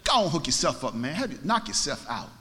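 A man's voice: a little high, big pitch swings, a little fast, bright, forceful tone, in a large hall. A man preaching voices a bold, confident male prophet who taunts his rivals in loose, modern slang. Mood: taunting.

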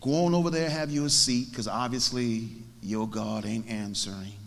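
A man's voice: mid-range voice, steady tone, moderate pace, vocal fry, in a large hall, natural voice. A man preaching voices a bold, confident male prophet who taunts his rivals in loose, modern slang. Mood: taunting.

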